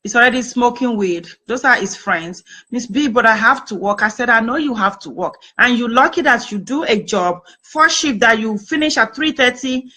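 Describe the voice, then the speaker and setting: A woman's voice: fairly high pitch, animated, normal speed, few pauses, pushed and bright, poor audio. A woman chatting on a talk show, earnestly giving advice and retelling conversations. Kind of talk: casual talk-show chat with storytelling.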